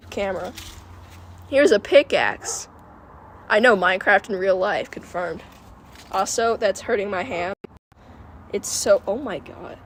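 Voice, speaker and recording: A woman's voice: mid-range voice, fairly bright tone. Giggly woman livestreaming over outdoor noise. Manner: giggly, rambling, chatty with viewers. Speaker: livestream host. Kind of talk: casual livestream chat. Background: wind and passing cars.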